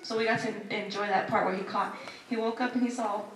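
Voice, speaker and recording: A woman's voice: medium pitch, fairly even intonation, fairly quick, fairly bright tone, distant mic, slight background noise. Chatty woman in an echoey hall. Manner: chatty storytelling, acts out quoted voices, laughs often. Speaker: family member speaking at a memorial service. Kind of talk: sharing personal stories at a service. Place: packed hall at a memorial service. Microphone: handheld microphone. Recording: echoey hall, speaker off mic, crowd audible.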